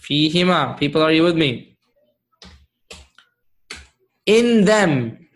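A man's voice: fairly high pitch, lively intonation, takes it slowly. A man teaching Arabic grammar to a live class, patient, often checking whether students follow.

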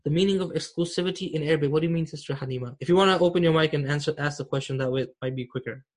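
A man's voice: a little high, very fast. A man teaching an online Arabic grammar class, explaining patiently and often checking that students follow.

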